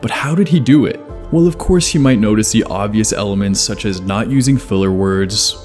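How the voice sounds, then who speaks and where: A man narrating a scripted video essay in a measured, even explanatory way. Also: on the low side. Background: faint background music.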